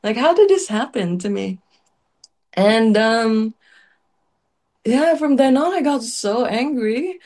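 A woman's voice: a little high, animated, slow, pauses often, darkish tone. A woman chef telling her story in a chatty, emotional way, full of fillers and little laughs, her voice wavering with tears at times. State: tearful at times. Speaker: chef, interview guest.

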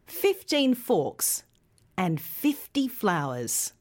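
A woman's voice: medium pitch, very animated, drawn-out words. A woman presenting a pronunciation lesson, carefully modelling words for learners to repeat. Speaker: English pronunciation teacher.

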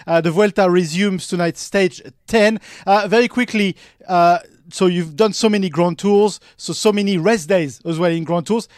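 Podcast host, man, high voice, dry sound, brisk questions. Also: no echo. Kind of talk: casual podcast interviewing.

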